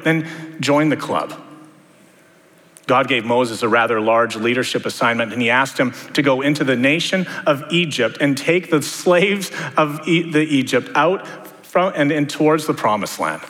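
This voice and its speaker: A pastor delivers a sermon in a reverberant hall, preaching conversationally and asking rhetorical questions. His voice is medium in pitch, fairly bright, and moves at a moderate pace.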